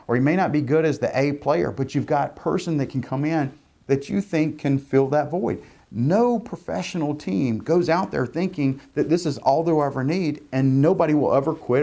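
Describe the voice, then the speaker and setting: A man's voice: fairly high pitch, dark tone. A man telling a heartfelt story about hiring while promoting his recruiting firm. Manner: earnest, storytelling, repeats words. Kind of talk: promotional talk to camera.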